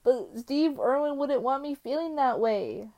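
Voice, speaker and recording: A woman from the United States chatting alone on her podcast, her fairly high voice rambling from one thing to the next. She takes her time and packs her talk with fillers. She swings from loud exclamations to quiet mumbles. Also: unhurried. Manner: rambling and excitable, jumping between topics with many fillers. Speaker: podcast host. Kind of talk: casual solo podcast chat.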